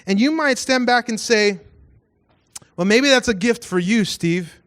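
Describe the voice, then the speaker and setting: A man pastor giving a casual storytelling sermon, animated and self-mocking, acting out voices in his stories. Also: extremely high pitch, a little slow.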